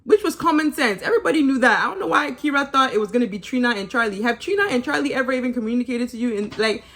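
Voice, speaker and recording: Woman, higher voice, chatty, opinionated, teasing, sarcastic asides, casual recap vlog. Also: expressive, very fast, fairly bright tone. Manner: mimics people in sarcastic quoted asides. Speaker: reality TV recap vlogger. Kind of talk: casual episode review.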